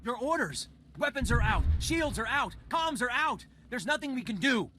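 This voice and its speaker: A panicked first officer of a starship in a video game, insisting all is lost. His voice is high and lively, over faint ambience. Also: normal speed, heavily acted. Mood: despairing. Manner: panicked and defeatist.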